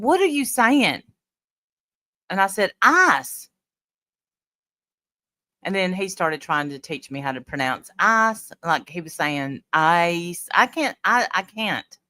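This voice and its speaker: A woman's voice: on the low side, sharp tone, no echo. A woman, hosting a casual chat and telling an anecdote, laughing easily. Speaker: host.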